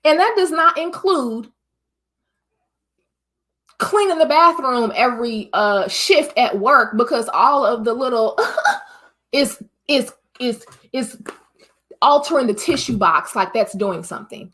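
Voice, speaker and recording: A high-pitched woman from the United States hosts her own vlog. She talks straight to her viewers in an emphatic, preachy way. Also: animated, slow, pauses often, sharp tone. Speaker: vlog host. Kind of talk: casual opinion monologue.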